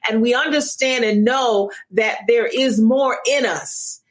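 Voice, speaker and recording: Slow, measured woman coach. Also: fairly high pitch. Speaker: speaker and coach. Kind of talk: motivational talk. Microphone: camera in a room.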